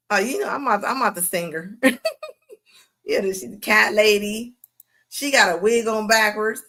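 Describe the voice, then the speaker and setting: A woman's voice: medium pitch, lively intonation, pushed and bright. A woman hosting a livestream, giving mocking reaction commentary with frequent laughter. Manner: laughing mocking banter, drawn-out asides. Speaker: host.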